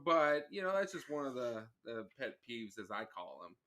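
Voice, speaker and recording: A man with a mid-range voice talks as a guest on a casual podcast. He speaks in a plain, measured way, listing small gripes and playing himself down. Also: mid-range voice, big pitch swings, pushed and bright. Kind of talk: casual chat.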